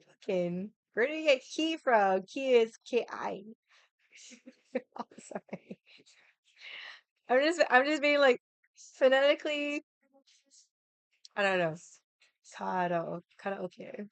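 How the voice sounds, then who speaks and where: A young woman chats on her livestream in a lively, animated way, laughing often and swearing now and then. Her voice is smooth and clear, and the sound is dry and close, with no room around it. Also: on the high side, slow pace, pauses often, no room sound. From United States. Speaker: livestream host. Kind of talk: casual chat.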